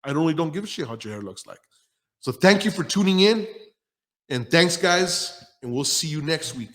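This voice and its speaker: A man's voice: a little high, lively intonation, normal speed, fairly bright tone. A man hosting a podcast in a casual, profane style, telling blunt stories and acting out the people he quotes. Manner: blunt storyteller who acts out quoted people. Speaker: podcast host.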